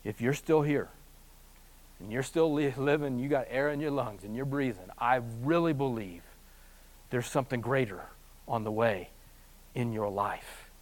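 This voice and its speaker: A man preaching a sermon, swinging between hushed, slow passages and loud, fast bursts, with humorous asides. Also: medium pitch. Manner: animated storytelling with humorous asides. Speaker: pastor.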